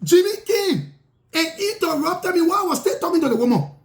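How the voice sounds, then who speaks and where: A man's voice: extremely high pitch, big pitch swings, a little fast. A self-styled prophet, a man, telling his grievances in an indignant, repetitive monologue with broken grammar. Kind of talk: impassioned spoken monologue.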